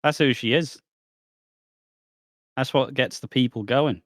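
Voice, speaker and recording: A man's voice: mid-range voice, unhurried, a bit bright, no room sound. A man co-hosting a casual podcast, blunt and sweary with dry jokes. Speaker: podcast co-host. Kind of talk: casual chat.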